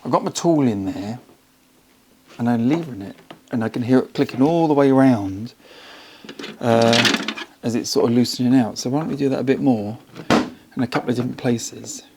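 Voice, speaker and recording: A man's voice: mid-range voice, moderate pace, noisy background. A man in his home garage, talking to himself and the camera in a casual, self-mocking way while he works. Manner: muttering to himself, wry and self-mocking, straining. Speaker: car restoration vlogger.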